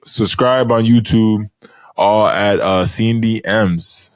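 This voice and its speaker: A man's voice: fairly low pitch, steady tone, takes it slowly, no echo. A man co-hosting a podcast in a laid-back casual chat, with lots of fillers. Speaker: podcast co-host.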